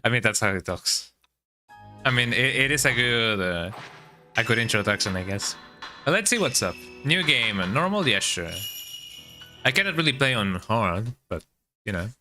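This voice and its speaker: Chatty streamer man with a bright voice. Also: mid-range voice, animated, normal speed, pauses often, faint music behind. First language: Spanish. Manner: chatty, wry, tags sentences with "eh?". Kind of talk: casual gameplay commentary.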